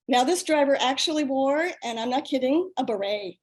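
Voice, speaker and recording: A woman's voice: sits high, normal speed, hardly any pauses. Older woman reading a comic story. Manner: lively, self-mocking storytelling. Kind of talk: reading a personal story aloud.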